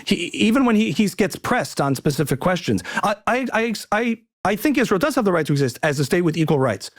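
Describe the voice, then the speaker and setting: A man's voice: high voice, big pitch swings, a little fast. A male comedian as podcast guest, arguing emphatically in a heated conversation and repeating words as he starts sentences.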